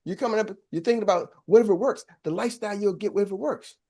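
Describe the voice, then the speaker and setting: A man coaching a sales team, preaching with call-and-response and acting out quick little voices. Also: high-pitched, a little mellow. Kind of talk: motivational training talk.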